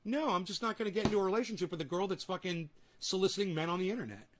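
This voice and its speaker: Speaking very fast in a high-pitched, lively voice, a young man hosts a livestream and fires back at viewer comments in a profane, combative, sarcastic rant.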